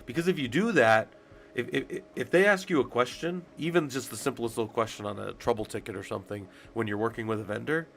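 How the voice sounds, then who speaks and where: A sick, congested streamer rambles casually to his chat about job requirements, swearing as he goes. He talks fast in a medium-pitched, gravelly, slightly bright voice over light background noise.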